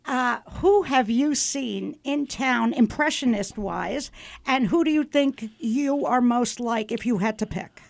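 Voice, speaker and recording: A woman's voice: a little high, unhurried, gravelly, no echo. A woman hosting a radio interview show in a studio, chatty and teasing with her guest.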